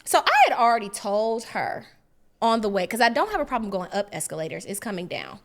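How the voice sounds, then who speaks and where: A woman's voice: medium pitch, brisk. A woman co-hosting a podcast, telling a story in casual chat and acting out the voices of the people in it. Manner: animated, acts out voices in the story. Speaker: podcast co-host.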